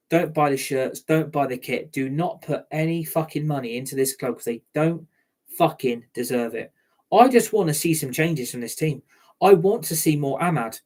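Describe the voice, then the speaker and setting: A man giving an angry, heated rant as a football fan, swearing freely. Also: on the high side. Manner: heated, ranting, heavy swearing. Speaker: football fan channel host.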